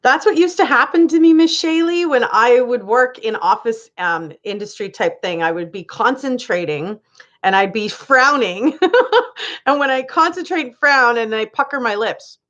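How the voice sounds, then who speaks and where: A woman with a fairly high voice and normal speaking speed hosts a relaxed live chat, reading out comments from viewers. Animated and talkative, she laughs frequently, all captured in dull, lo-fi livestream sound.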